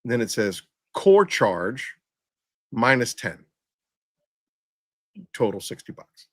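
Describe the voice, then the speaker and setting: A man's voice: medium pitch, sing-song, slow pace, no echo, studio quality. A man hosting a podcast, telling a story in a rambling, stubborn rant full of restarts. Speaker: podcast host. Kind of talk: casual storytelling.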